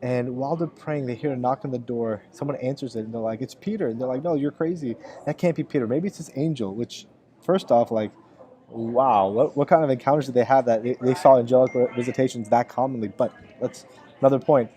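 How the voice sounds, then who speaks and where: A man's voice: mid-range voice, fairly quick, warm tone. A man giving a casual spoken ministry update and earnestly telling a story, quoting people in his own voice. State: choked up with emotion.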